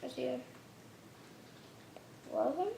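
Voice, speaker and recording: A woman hosting a slime-making vlog at home, talking excitedly and often squealing and shrieking. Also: sits high, very slow, gravelly, echoey room. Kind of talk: excited hands-on vlog narration. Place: home bathroom and table.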